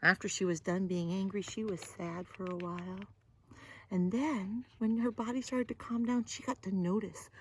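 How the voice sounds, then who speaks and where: A woman reading a picture book aloud to young children, gently and often dropping to a whisper. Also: fairly low pitch, unhurried, breathy edge. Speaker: early learning teacher.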